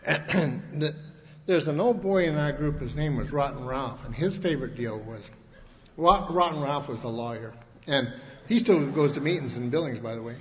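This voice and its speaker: In an echoing convention hall, a rambling man from Montana, USA, with a voice on the high side, shares his personal recovery story with the audience at a recovery convention. He is folksy, full of restarts and colloquial grammar, and the dull lo-fi archival tape has long hall reverb and faint hiss.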